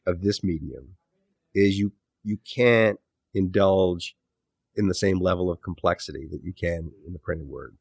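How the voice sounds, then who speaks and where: A middle-aged man with a low-pitched voice speaks thoughtfully as an interview guest. He restarts his sentences and lets his phrases sink off quietly. His voice is recorded close and dry, with no room sound. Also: gravelly, husky, no echo. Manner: thoughtful, self-correcting, trailing off low at phrase ends. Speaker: author and podcast host, guest. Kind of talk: conversational interview answers.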